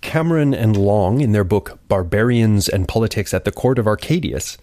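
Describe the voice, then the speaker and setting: A man's voice: on the low side, animated, moderate pace, dark tone, dry recording, clean studio sound. A man hosting a podcast, delivering a scripted lecture with wry, conversational asides. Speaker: podcast host.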